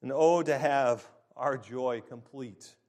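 A man preaching a sermon in an emphatic, deliberate way, stressing key words. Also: mid-range voice, darkish tone.

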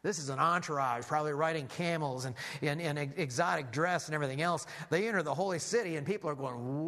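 A man preaching a sermon as a lively story, animated, with frequent restarts. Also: a little high, fast, hardly any pauses.

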